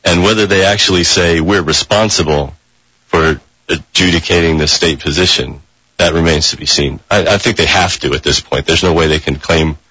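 A man speaking as a reporter guest in a radio interview, halting with many fillers and restarts, on a dull lo-fi broadcast. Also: deep voice, bright, forceful tone, husky, no room sound.

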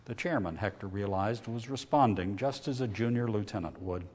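A man reading a novel aloud in a measured, steady way, lifting his voice when characters shout. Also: on the low side, long reverb tail. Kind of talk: audiobook reading.

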